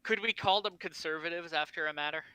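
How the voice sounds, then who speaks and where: A man's voice: a little high, fast, bright, forceful tone, clean tone, no echo, rough recording. A man co-hosting a casual podcast livestream, explaining at length with fillers. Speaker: podcast co-host.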